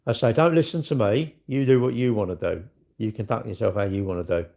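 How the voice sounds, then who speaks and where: Gravelly-voiced man rambling on a live stream. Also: on the low side, brisk, a little mellow, dull audio. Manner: rambling, chatty, reads and answers viewer comments. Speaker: livestreamer and car dealer. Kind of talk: casual live stream chat. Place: at work, indoors.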